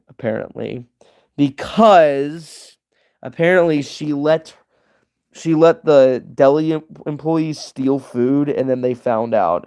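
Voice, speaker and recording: A man's voice: mid-range voice, creaky, darkish tone, clear, resonant tone. A young man hosting a casual livestream Q&A, rambling and answering chat messages as he goes. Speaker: livestream host.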